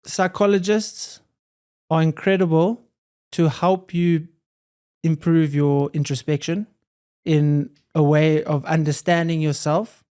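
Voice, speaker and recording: Earnest man, soft warm tone. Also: a little high, steady tone, takes it slowly, clean tone. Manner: reflective, earnest, repeats phrases. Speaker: podcast guest, hybrid athlete. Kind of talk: casual conversation.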